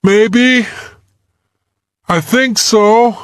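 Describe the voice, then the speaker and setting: A frightened young man trapped in the ice, his voice pitched high and strained, pleading and close to tears. The reading is slow, with words dragged out, and the sound is dry and close. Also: clear, resonant tone, no room sound. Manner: desperate, pleading, on the verge of tears. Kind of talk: audiobook character voice.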